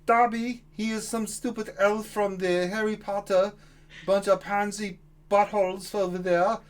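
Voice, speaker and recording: A man's voice: high voice, flat delivery, a little slow, slight background noise. A man voicing a cranky, foul-mouthed male frog puppet who insults and boasts through a list of names. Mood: boastful. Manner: insulting, boastful, rambling roll call.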